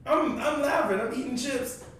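A man with a high voice talks casually on a podcast, telling animated stories and acting out other people's lines. He sits far from the microphone, so his voice rings around a very echoey room with a faint low rumble behind it. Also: moderate pace. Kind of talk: casual chat.

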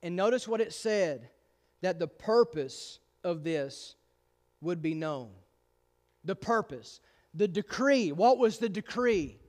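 A pastor preaching a sermon with emphatic, insistent delivery and frequent repeated restarts. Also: male voice, high-pitched, animated, slow, darkish tone.

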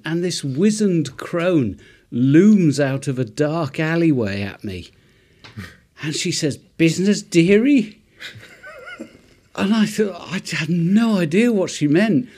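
A man from Wales, a podcast co-host telling a self-mocking anecdote in casual chat, getting animated as the story builds. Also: on the high side, a little slow.

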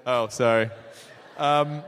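A man hosting a live podcast interview, joking and sarcastic, quick to riff on what his guest says. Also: medium pitch, fairly even intonation, a bit bright, smooth. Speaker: host. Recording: live theater stage mic with hall reverb.

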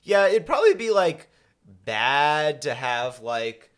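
A man's voice: fairly high pitch, big pitch swings, takes it slowly, a bit bright, clear, resonant tone. A man with a sarcastic, swearing manner in a casual podcast chat. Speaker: co-host.

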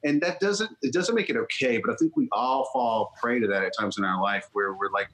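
A man's voice: lowish voice, a little fast, hardly any pauses, fairly bright tone, poor audio. Blunt, profane man on a podcast. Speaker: guest, strength coach. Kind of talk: casual podcast chat.

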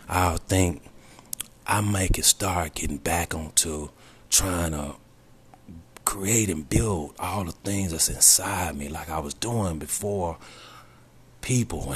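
A man's voice: extremely low pitch, breathy edge. A middle-aged man talking earnestly and from the heart to his regular audience in a personal vlog, often saying "man" and sinking to a near whisper. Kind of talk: personal confessional monologue.

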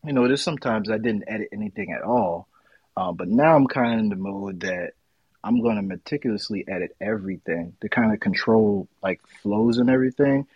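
A man co-hosting a podcast in casual, candid chat, with a deep radio voice and laughing asides. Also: lively intonation, fairly quick, slightly rough, no room sound, dull audio. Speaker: podcast co-host.

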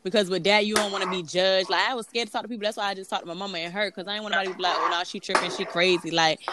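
A woman's voice: mid-range voice, steady tone, racing. A woman talking candidly in a casual chat about new motherhood, dropping words as she talks. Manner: candid, conversational, drops verbs. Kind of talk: casual chat among moms. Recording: background noise.

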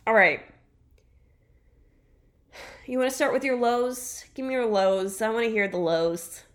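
Speaking at a measured pace in a slightly high voice, a woman podcast co-host reads a review aloud over a video call. The chat is casual, and she trips over words, starts again, and laughs readily.

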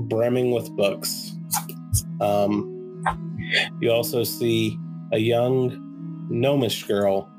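A man narrating as game master in a tabletop game, relaxed and rambling with fillers. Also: fairly low pitch, low-quality recording.

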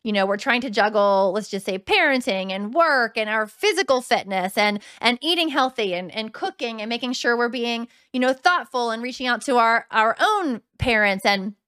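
A woman in her thirties hosts her own podcast, chatting frankly and loosely, often slipping into quoted voices of what she or others might think. Her voice sits high. The sound is dry and close, with no room around it. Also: expressive, moderate pace, hardly any pauses, a bit bright, clear, resonant tone, no echo. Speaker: podcast host. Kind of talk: casual solo podcast talk.

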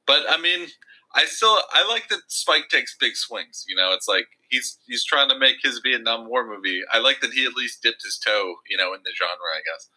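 A man's voice: medium pitch, lively intonation, normal speed, sharp tone, rough recording. A man co-hosting a casual film review chat, chatty and hedging with plenty of fillers. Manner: chatty, hedging, lots of fillers like "you know".

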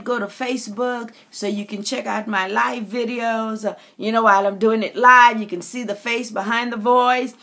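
A middle-aged woman from the Caribbean gives a faith-based motivational talk at an unhurried pace. Her voice has a gravelly edge. She preaches warmly to her listeners and calls them honey and baby. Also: mid-range voice. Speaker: author and inspirational speaker.

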